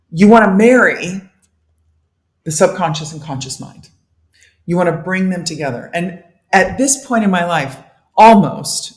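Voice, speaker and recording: Animated guy explaining stuff in an interview, bit high pitched, roomy echo. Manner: animated, acts out inner dialogue, laughs often. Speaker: detox specialist guest. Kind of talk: casual interview talk. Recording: echoey room.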